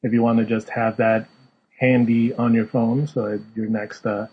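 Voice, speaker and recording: A man co-hosting a casual podcast, chatty and quick to chime in with agreement. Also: mid-range voice, little pitch movement. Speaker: podcast co-host. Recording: dull lo-fi mic with faint noise.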